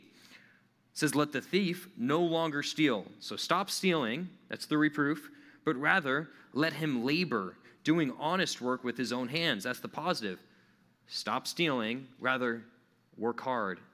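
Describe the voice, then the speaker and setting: A man's voice: mid-range voice, unhurried, pushed and bright, big-room sound. A man preaching a conversational sermon who often checks in with his listeners with questions. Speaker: pastor.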